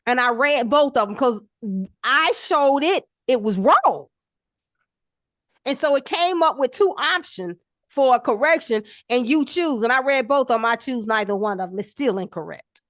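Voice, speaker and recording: A woman's voice: high voice, lively intonation, normal speed, dry recording, studio quality. A woman in casual discussion as co-host, telling stories with animation and acting out the exchanges she quotes.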